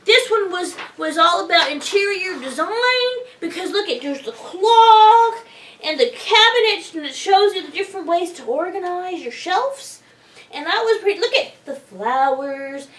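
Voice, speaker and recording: A woman in a comedy sketch, talking in a naive, excitable, rambling way, recorded in a roomy space from a distance from the mic. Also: very high voice.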